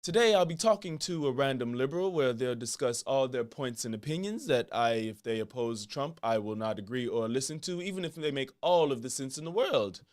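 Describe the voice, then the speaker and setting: A blustering, self-satisfied British talk show host, as a man puts him on in a parody sketch. The accent is a rough attempt, and the voice sits lower than the performer's own. He talks over his guest with pompous certainty. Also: expressive, fairly quick, few pauses, natural voice. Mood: smug. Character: smug pro-Trump British male TV host.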